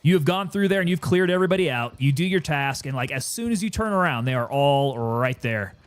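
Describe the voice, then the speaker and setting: A man casually commenting while he plays a game and chats with viewers, relaxed and sometimes winded. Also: fairly high pitch, fairly quick, clean tone. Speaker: gaming streamer.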